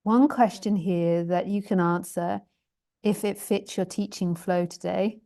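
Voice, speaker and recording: A woman's voice: mid-range voice, measured pace, darkish tone. A woman spiritual teacher on a live stream, reading viewer questions aloud in a chatty, self-deprecating way, often laughing and stumbling over long sentences.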